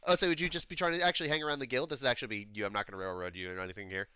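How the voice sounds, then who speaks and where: A man's voice: medium pitch, steady tone, racing, sharp tone, clear, resonant tone, no room sound, muffled recording. A man narrating a tabletop game as game master, rambling a little with frequent fillers. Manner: loose and rambling, with many fillers.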